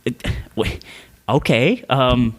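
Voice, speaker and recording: A young man co-hosting a podcast, laughing often and telling stories in excitable, profane casual talk. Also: mid-range voice, slow. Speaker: podcast co-host.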